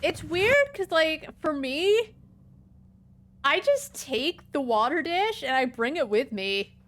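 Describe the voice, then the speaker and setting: A woman's voice: high-pitched, lively intonation, slow pace, a bit bright. A woman streaming a game, chatting casually and musing aloud with lots of filler words. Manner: reads game dialogue aloud. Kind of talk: casual let's-play commentary.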